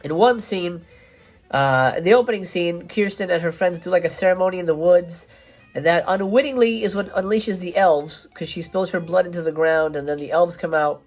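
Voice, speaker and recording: Give me a chatty, rambling man reviewing a film, with soft music playing underneath. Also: sits high, normal speed. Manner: chatty and rambling, with many fillers and restarts. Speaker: film reviewer, show host. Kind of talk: casual video review.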